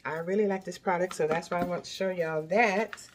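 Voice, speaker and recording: A woman's voice: fairly low pitch, fairly even intonation, fairly quick, slight background noise. An older woman chatting casually through a product review, talking straight to her viewers and often repeating herself. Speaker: beauty product vlogger.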